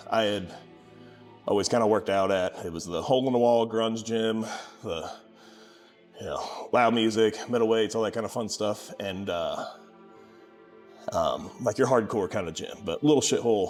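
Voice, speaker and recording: A low-voiced man in his twenties tells his story casually and with a sarcastic edge. His voice jumps up when he acts out the people in it. Soft music plays quietly behind him. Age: 20s. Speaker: gym owner vlogger.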